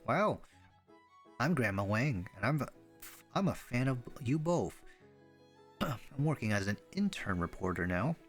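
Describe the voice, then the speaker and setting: A man reading the part of an eager young woman fan who poses as an intern reporter, gushing and excitable. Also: medium pitch, unhurried, long pauses, faint music behind. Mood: excited.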